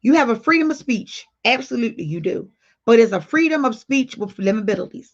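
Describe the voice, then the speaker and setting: With a fairly high pitch and lively intonation, this woman talks fast while hosting a relaxed livestream. The audio is dull and lo-fi; she reads comments aloud and speaks to viewers in a blunt, playful way.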